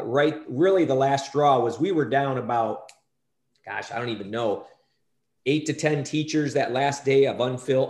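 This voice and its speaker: A man giving a school superintendent's report at a board meeting, halting and often restarting his sentences. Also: medium pitch, a little mellow, echoey room.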